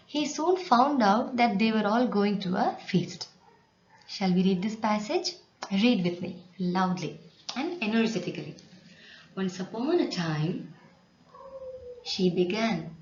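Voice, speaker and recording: A woman teaches slowly and patiently, reading a story aloud and stopping to explain words. Her voice sits in an echoey room, and the recording is dull with a faint hiss behind it. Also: mid-range voice, darkish tone.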